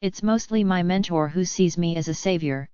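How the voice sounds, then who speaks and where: Read by a woman reluctant young male hero, low, clear voice. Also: normal speed, warm tone, dry recording, lightly acted. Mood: modest. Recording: dull lo-fi audiobook recording.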